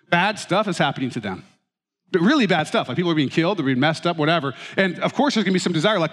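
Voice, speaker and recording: A man preaching a sermon as pastor, telling stories with animated, self-mocking humor. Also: high-pitched. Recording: reverberant hall.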